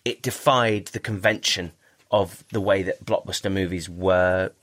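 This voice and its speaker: A man's voice: low-pitched, fairly even intonation, a little slow, fairly bright tone. A man, a podcast guest, talking in a loose, chatty way, often restarting his sentences and swearing. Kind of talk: casual interview chat.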